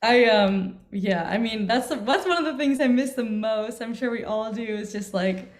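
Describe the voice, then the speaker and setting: A woman's voice: a little high, normal speed. A woman who sings, joining an online music show over a video call and chatting in a laid-back, joking way with easy laughs. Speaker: guest singer. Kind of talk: casual chat. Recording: roomy echo.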